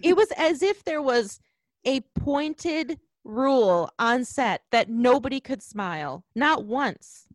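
A woman chats casually about a movie she disliked, blunt and sarcastic, often laughing at it. Her high voice is animated but slow, with no echo.

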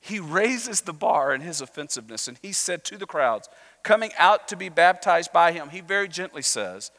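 A male pastor with a high, bright voice preaches in a church sanctuary, talking conversationally and asking the congregation to join in. A long hall reverb trails his words. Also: very animated, normal speed. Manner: conversational, engages the congregation with questions. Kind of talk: sermon.

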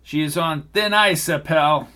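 A man's voice: on the high side, animated, moderate pace, pushed and bright. A man voices a hostile older agent from an audiobook. He speaks with a heavy foreign accent and a scolding tone. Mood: menacing.

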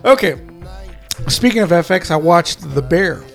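A man's voice: on the high side, lively intonation, unhurried, vocal fry, soft background music. A man co-hosting a podcast in casual chat, rambling with lots of fillers and restarts. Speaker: podcast co-host.

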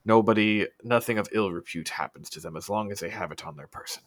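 A man's voice: fairly low pitch, fast talker, lightly acted. A man voicing a bumbling, self-important male city councilman, rambling and flustered. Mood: pompous.

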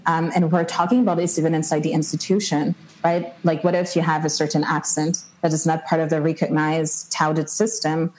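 A woman speaking thoughtfully in a panel discussion, often pausing with "like.". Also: deep voice, level tone, darkish tone, slight background noise, rough recording. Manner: thoughtful, frequent "like" fillers.

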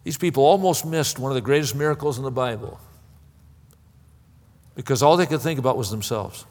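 A man's voice: medium pitch, fairly quick, a little mellow. A man preaching a sermon in an impassioned way, often stammering and repeating words. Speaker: pastor. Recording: long hall reverb.

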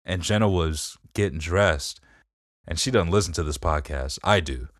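A man's voice: deep voice, moderate pace, dry recording, clean studio sound. A man hosting a podcast, rambling through a casual story and swearing freely. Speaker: podcast host. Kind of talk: casual chat.

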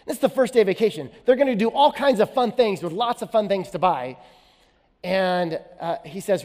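A man's voice: high voice, lively intonation, normal speed, a little mellow. A man, a pastor, preaching a sermon in a church, telling a story and then leading an earnest prayer. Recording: church hall reverb, faint music.

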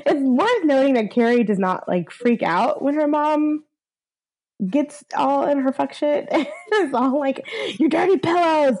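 Giggly high-voiced chatty woman. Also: expressive, unhurried, a little mellow, low-quality recording. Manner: giggly, laughs often mid-sentence; chatty, rambling with many likes. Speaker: podcast co-host. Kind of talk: casual chat recapping a film.

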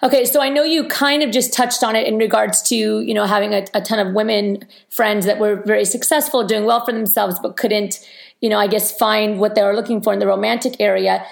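Woman, interviewer, vocal fry, conversational, lots of fillers. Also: mid-range voice, steady tone, brisk. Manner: conversational, many fillers like "you know". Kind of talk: interview questions.

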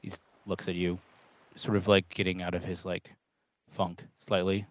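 A man's voice: low voice, flat delivery, moderate pace, no echo. A man narrating his character's pose in a tabletop role-play, hesitant and searching for words. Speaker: player.

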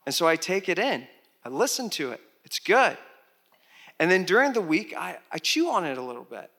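A male pastor delivers a sermon in a high, slightly breathy voice at normal speed, full of animation, with loud rises, soft drops and chatty asides to the congregation.

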